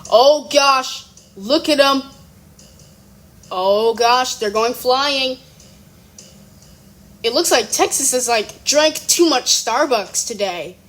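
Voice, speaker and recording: A high-pitched young voice reacting at home, giggling and gasping in surprise. The talk drags along at an unhurried pace and keeps rambling, stopping often to restart a thought. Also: expressive, a bit bright. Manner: rambling, self-correcting. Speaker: reaction video creator. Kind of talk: casual reaction commentary. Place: room at home.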